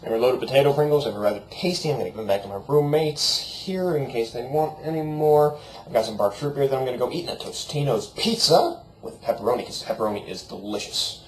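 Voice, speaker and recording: A man's voice: mid-range voice, fast talker. A young man vlogging from his room at the computer, chatting in a jokey, rambling, off-the-cuff way. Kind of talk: rambling casual vlog. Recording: roomy echo, faint background noise.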